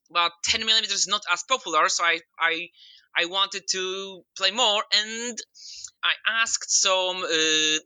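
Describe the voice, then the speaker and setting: A man's voice: high-pitched, sharp tone, dry recording, low-quality recording. A young Polish man with a Polish accent chatting modestly in a podcast interview, with some non-native grammar. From Poland. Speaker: podcast guest. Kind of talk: casual interview chat.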